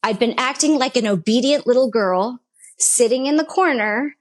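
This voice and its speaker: Earnest woman with a fairly high voice. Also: moderate pace. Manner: earnest, emphatic, speaks in short repeated phrases. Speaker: podcast guest. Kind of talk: personal faith testimony in a conversation.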